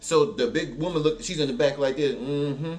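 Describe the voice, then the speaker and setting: A man's voice: a little high, a little fast. A man with a New Orleans accent telling a story in a casual, colloquial way, full of fillers and asides. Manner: animated, colloquial, many fillers.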